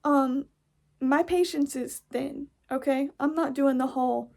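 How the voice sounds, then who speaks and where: A young woman from the United States venting into her podcast in a blunt, profane monologue. Her voice sits high but has a gravelly fry running through it. She sounds fed up. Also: fairly even intonation, a little slow, a little mellow. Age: young adult. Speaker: podcast host. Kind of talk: casual ranting monologue.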